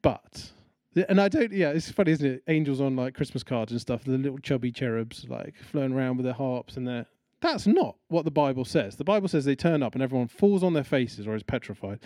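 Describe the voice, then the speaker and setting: With a warm, mellow voice at a normal middle pitch, a preacher gives his sermon conversationally, taking on voices to act out the story. He talks a little fast with few pauses, and the recording is dry and close, free of room echo.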